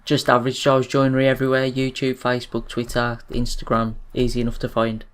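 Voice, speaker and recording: A man co-hosting a casual podcast with a flat, even delivery. He talks in a loose, rambling way, full of fillers like "like" and "I don't know.". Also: mid-range voice, fairly quick. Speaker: podcast co-host.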